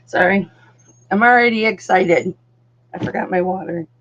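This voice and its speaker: A woman's voice: medium pitch, moderate pace, a bit bright, highs cut off, a little hiss or hum. An older woman hosting a live jewelry auction stream from home, chatting casually and cooing at her puppy. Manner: chatty, talks baby-talk to her puppy. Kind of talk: casual livestream chat.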